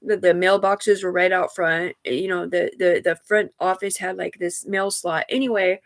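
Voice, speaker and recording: A woman's voice: on the low side, flat delivery, moderate pace. A woman livestreaming, telling a personal story in a rambling, profane way that often turns emotional.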